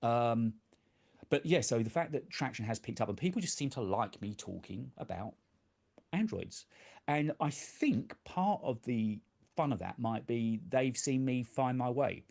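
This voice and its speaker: A man's voice: mid-range voice, lively intonation, measured pace, vocal fry, darkish tone. A man, chatting casually on his tech live stream from a home desk, self-deprecating and laughing often.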